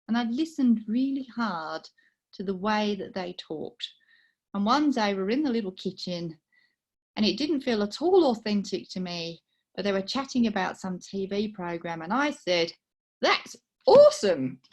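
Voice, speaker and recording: A middle-aged woman with a British accent and a faint Australian twang, soft-spoken, telling a personal story to a speaking club over a video call. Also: mid-range voice, lively intonation, normal speed. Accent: British with a slight Australian twang. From United Kingdom. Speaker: guest speaker.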